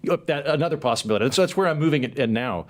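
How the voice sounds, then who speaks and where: A man hosting a podcast, chatting casually in a quick, self-deprecating way. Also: mid-range voice, lively intonation. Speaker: podcast host. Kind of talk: casual conversation.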